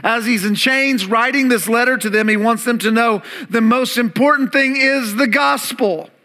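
A man with a high, bright voice preaches a sermon as pastor. He leans on key words, repeats phrases for emphasis and throws questions out to the congregation. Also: normal speed.

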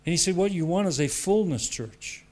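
A man's voice: high-pitched, lively intonation, moderate pace, a little mellow. A man preaching a sermon with emphatic repetition, laughing between points.

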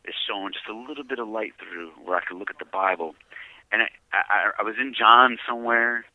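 Low guy telling his testimony over a prison phone, earnest and hushed, muffled dry audio. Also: a little fast, no echo. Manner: earnest, heavy, often hushed and breathy. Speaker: guest giving a testimony. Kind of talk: emotional personal testimony. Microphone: prison payphone handset.

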